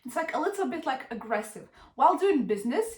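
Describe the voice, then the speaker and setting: A woman's voice: sits high, fast talker. A young woman from Russia with a Russian accent, gushing as she teaches in a comedy sketch. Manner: eager, gushing, deadpan teasing. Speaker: mock language teacher. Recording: roomy echo.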